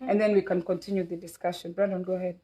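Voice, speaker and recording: A woman's voice: on the low side, little pitch movement, quick pace, mellow, poor audio. A middle-aged woman from Kenya hosting a casual family livestream, talking in a rambling way with many fillers.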